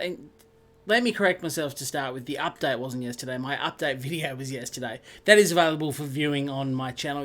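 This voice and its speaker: A man with a slightly high voice hosts a live racing stream, chatting loosely and casually while calling out viewers from the chat by name. The audio suggests a home desk mic setup.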